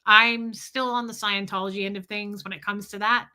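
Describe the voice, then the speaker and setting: A woman's voice: medium pitch, fairly even intonation, moderate pace, sharp tone. A woman vlogger telling a story to her viewers and answering their comments in a candid, chatty way, often laughing and addressing the audience.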